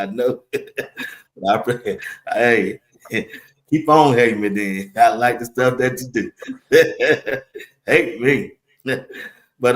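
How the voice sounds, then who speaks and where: Man hosting a live sports stream. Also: fairly low pitch. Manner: rapid-fire chat shout-outs, laughs often. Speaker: live show host. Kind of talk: casual live-stream chat.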